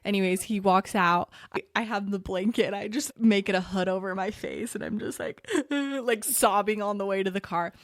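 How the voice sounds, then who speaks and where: An expressive woman in her thirties co-hosts a chatty podcast, jumping into other people's voices as she tells a story. Her voice sits at an ordinary middle pitch. The sound is close and dry, with no room around it. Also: normal speed, hardly any pauses, no echo. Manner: animated storytelling, acting out quotes. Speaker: podcast co-host. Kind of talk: casual chat.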